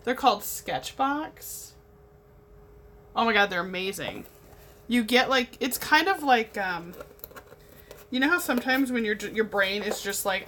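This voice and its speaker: Brief: young woman, bubbly craft livestream host, a fairly high voice, chatty asides while she works. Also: a little slow, long pauses, fairly bright tone, a little hiss or hum. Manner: bubbly, chatty, talks to viewers while working. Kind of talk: casual chat while painting.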